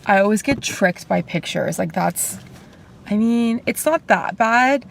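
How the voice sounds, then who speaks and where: A woman speaks to her camera from a parked car, pausing between bites to chat in an unhurried, conversational way. Her voice sits at an ordinary pitch for a woman. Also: lively intonation, gravelly, a little hiss or hum. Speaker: mukbang video creator. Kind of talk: casual eating vlog.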